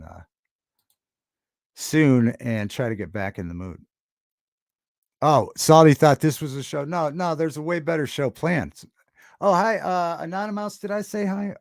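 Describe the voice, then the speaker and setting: A man hosting a casual livestream, rambling and halting as he reads chat and greets viewers. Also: mid-range voice, no echo, studio quality. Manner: rambling, halting, with many restarts and chat shout-outs. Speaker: livestream host.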